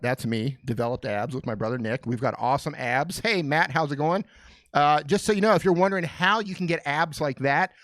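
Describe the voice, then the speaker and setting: A man hosting a casual live question-and-answer stream from a small studio, joking and greeting viewers by name in an excited, fired-up way. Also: fairly high pitch, no room sound.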